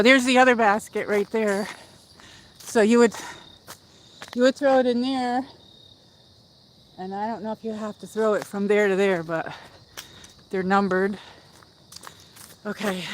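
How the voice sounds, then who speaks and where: A woman's voice: medium pitch, steady tone, unhurried, long pauses, slight background noise, poor audio. Breathless woman chatting on a hill walk. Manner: rambling, chatty, talks to viewers while walking. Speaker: livestream host. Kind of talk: casual walking livestream chat. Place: outdoors on a hill in a lakeside park.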